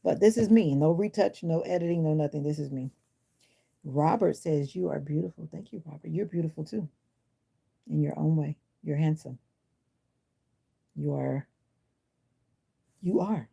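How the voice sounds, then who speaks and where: A low, dark-toned woman's voice with a gravelly, husky edge, talking into her phone on a live stream. She is middle-aged and a little under the weather. She chats loosely and reacts bluntly and with sass to comments from viewers. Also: normal speed, pauses often. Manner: chatty, answers comments, sassy and blunt. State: unwell. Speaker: livestream host. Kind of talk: casual livestream chat with viewers. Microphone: phone or device mic.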